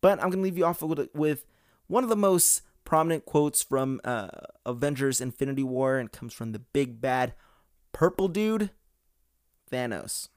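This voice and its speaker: A man's voice: mid-range voice, expressive, normal speed, a little mellow, clean tone, no room sound, clean studio sound. A man hosting a podcast in a casual, rambling way, with many "uh"s and restarts, into a podcast microphone. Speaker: podcast host. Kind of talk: casual chat.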